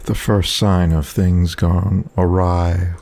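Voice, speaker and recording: A man's voice: sits low, little pitch movement, slow, gravelly, darkish tone. A man casually commenting on a game he is playing, rambling and wry, talking back to the characters. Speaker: gameplay commentator. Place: home.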